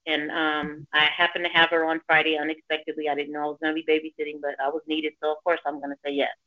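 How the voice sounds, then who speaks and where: A woman's voice: sits low, fast, no room sound. A middle-aged woman and grandmother telling a personal story in a casual chat, acting out the voices of people she quotes. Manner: animated, acts out quoted voices. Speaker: caller sharing a story. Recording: dull lo-fi sound.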